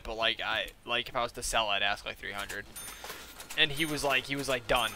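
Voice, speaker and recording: A man's voice: medium pitch, steady tone, brisk, background noise. A young man chatting casually while playing a game, rambling with lots of "like" and retelling a conversation line by line. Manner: rambling, lots of "like" and retold dialogue. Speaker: gaming streamer. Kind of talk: casual chat while gaming.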